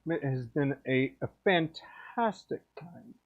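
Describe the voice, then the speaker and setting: A man with the hiccups talks slowly and loosely, a little drunk, winding down his live stream with friendly rambling. The audio is dull and lo-fi, like a basic streaming mic. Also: a little high, animated. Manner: rambling, friendly, slurs thoughts. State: hiccups, tipsy. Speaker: pen turner streaming from his workshop. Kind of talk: casual live-stream sign-off chat.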